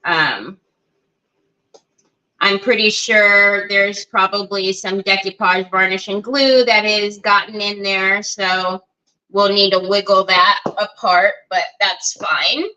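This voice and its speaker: A woman's voice: mid-range voice, steady tone, slow pace, sharp tone, dull audio. A middle-aged woman hosting a live crafting stream, chatty, greeting viewers by name with many fillers. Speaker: crafting livestream host.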